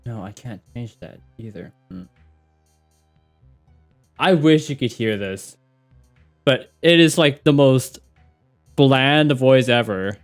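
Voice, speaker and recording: A man's voice: medium pitch, lively intonation, takes it slowly, long pauses, soft background music. A man streaming a game, chatting in an amused, casual way. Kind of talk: casual commentary while gaming.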